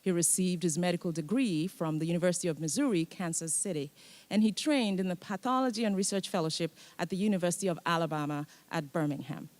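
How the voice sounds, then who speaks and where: Low-voiced woman reading a formal introduction. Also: darkish tone, dry recording. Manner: measured, reads a prepared bio. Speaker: moderator introducing the speaker.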